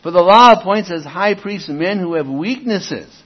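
A man preaching in a husky, slightly raised voice that swings widely as he stresses key words. He reads scripture and talks it over in a casual, emphatic way. The recording is dull and lo-fi. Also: high-pitched, animated, moderate pace. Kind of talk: expository Bible teaching.

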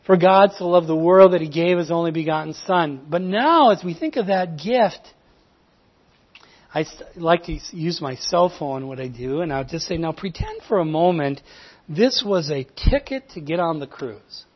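A man teaching how he shares the gospel, telling stories in an earnest voice that swings from emphatic to hushed. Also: fairly high pitch, animated, moderate pace. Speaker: evangelism teacher. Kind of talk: teaching evangelism technique. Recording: dull lo-fi recording.

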